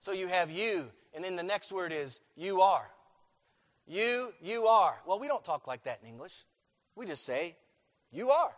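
A middle-aged male pastor preaching a sermon in a church, emphatic, repeating key phrases and swinging between loud and quiet. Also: high-pitched, expressive, moderate pace. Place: church sanctuary. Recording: long hall reverb.

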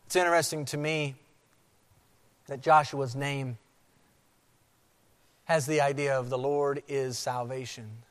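A man's voice: mid-range voice, fairly even intonation. Preaching man in a reverberant hall. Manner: emphatic preaching, repeats key phrases slowly. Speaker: pastor. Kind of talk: sermon.

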